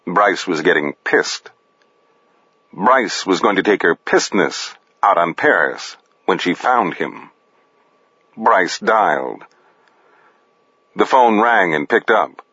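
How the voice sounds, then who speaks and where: Dry, unhurried male audiobook narrator with a low voice. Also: pushed and bright, husky, no echo. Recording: dull, dry close recording.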